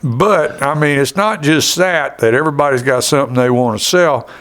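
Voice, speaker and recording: A man hosts a relaxed podcast conversation. He talks in a folksy way, laughs easily and wanders into side remarks, at a pitch that is ordinary for a man. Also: normal speed. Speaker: podcast host.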